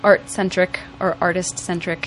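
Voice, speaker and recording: A woman's voice: lowish voice, flat delivery, normal speed, fairly bright tone, slight background noise. A woman co-hosting a podcast in casual, playful chat, teasing her co-host.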